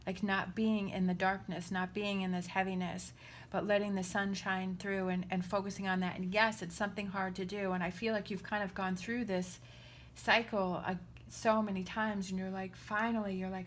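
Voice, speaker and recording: Woman doing a tarot reading, earnest and reassuring, mid pitch, bit of faint noise behind. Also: level tone, normal speed. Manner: earnest and reassuring, often checking in with the listener. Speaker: tarot reader. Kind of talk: casual spoken tarot reading.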